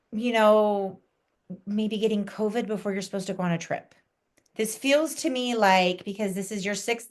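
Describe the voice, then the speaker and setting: A woman astrologer talking casually on a podcast, chatty and acting out little quoted reactions. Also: mid-range voice. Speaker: intuitive astrologer, podcast guest.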